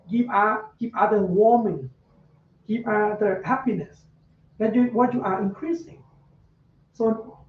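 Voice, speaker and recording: High-voiced monk teaching in an echoey room. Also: male voice, a little hiss or hum. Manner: halting non-native English, repeats key words. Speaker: Buddhist monk teaching meditation. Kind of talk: dharma talk to students. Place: meditation center. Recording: echoey, dull, from far off.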